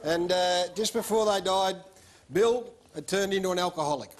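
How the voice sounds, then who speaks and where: An Australian man telling crude roasting jokes on a live TV stage, with a deadpan delivery. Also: high-pitched, normal speed. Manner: crude, deadpan storytelling with laughs. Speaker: stand-up comedian. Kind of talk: stand-up roast routine. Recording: roomy live studio sound, audience noise. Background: laughing studio audience.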